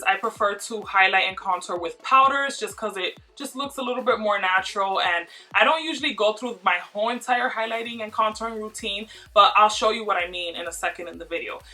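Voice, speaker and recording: Bright-voiced chatty woman, a bit off-mic. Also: mid-range voice, distant mic. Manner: chatty, repeats herself, many fillers. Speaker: beauty vlogger. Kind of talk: casual makeup tutorial talk.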